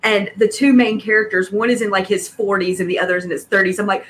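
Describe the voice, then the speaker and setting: Lively woman co-host with faint noise. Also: mid-range voice, fast. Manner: lively storyteller who laughs often. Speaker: podcast co-host. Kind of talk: casual podcast chat.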